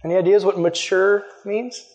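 A young man with a notably high voice preaches to a youth group in a loose, chatty way. He sprinkles in "like" constantly and throws questions out to his listeners. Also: steady tone, moderate pace, darkish tone, dull audio, soft background music. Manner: chatty, loaded with "like" fillers, conversational. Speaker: youth pastor. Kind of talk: casual sermon with audience questions.

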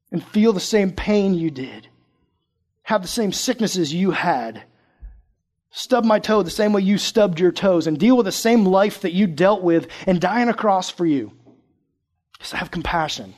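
A young man giving a casual, joking youth sermon, chatty with sudden loud bursts. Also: sits high. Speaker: youth pastor.

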